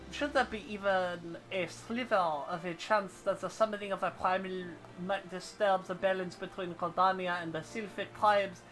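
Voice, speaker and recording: A stately male commander speaks in measured, formal sentences, as a woman reads his lines aloud. The voice is bright and clear. Soft game music plays underneath. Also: medium pitch, close to an everyday voice, low-quality recording. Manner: reads quest dialogue aloud in a formal, deliberate tone.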